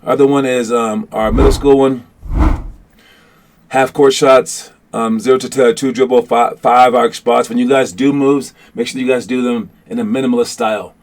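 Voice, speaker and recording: A man coaching young basketball players in a casual motivational talk, rambling with many restarts and fillers, and getting animated as he goes. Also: mid-range voice, normal speed.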